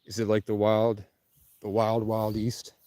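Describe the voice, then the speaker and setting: A man's voice: fairly low pitch, completely flat delivery, measured pace, mellow, no room sound. A man livestreaming outdoors in the countryside, rambling casually and answering viewers' comments. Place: outdoors in rural Vermont.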